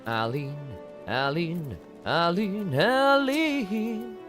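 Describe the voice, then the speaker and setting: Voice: medium pitch, lively intonation, very slow, a bit bright, faint music behind. Chatty streamer thinking aloud. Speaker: game streamer. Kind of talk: casual live gameplay chat.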